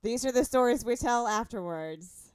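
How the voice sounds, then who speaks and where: A woman's voice: on the high side, expressive, normal speed, clear, resonant tone, no echo. A woman hosting a podcast, talking in a chatty, encouraging way in casual conversation. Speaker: podcast host. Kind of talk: casual chat.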